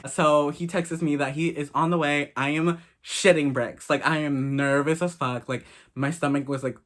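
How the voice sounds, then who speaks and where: A man's voice: on the high side, fairly even intonation, normal speed, fairly bright tone. A man in his late teens, telling a personal story in a candid, gossipy, profane way. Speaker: vlogger. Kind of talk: casual story time.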